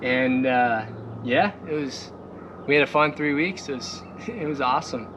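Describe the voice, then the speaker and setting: A young man with a Midwestern accent talks through his boat in a loose, rambling way, full of "uh"s and quick laughs. His voice sits at an ordinary middle pitch. The outdoor recording carries clear background noise and he drifts nearer and farther from the camera. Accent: Midwestern American. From Minnesota or the Midwest. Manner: rambling, laughs often, many fillers. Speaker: vlogger showing his boat. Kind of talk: casual walkthrough. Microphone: camera set on the boat, distance varies.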